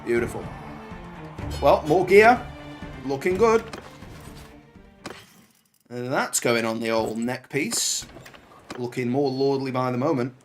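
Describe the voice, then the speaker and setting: A man with a mid-range, expressive voice talks slowly and pauses often, with faint music behind him. As a gaming channel host doing let's play commentary, he chats and banters while swearing at the soldiers in his game.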